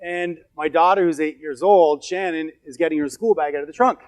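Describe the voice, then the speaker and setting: A man's voice: fairly high pitch, a little fast. A middle-aged man giving a motivational seminar talk to an audience, telling stories with emphatic, repetitive phrasing. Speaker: motivational speaker. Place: event hall with an audience.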